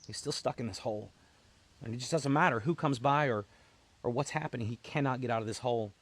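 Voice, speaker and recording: Man, veteran, earnest, halting speech with repeated words, middle pitch, dry sound. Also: a bit bright, no room sound. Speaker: military veteran, founder of a veterans' support group. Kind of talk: personal storytelling to camera.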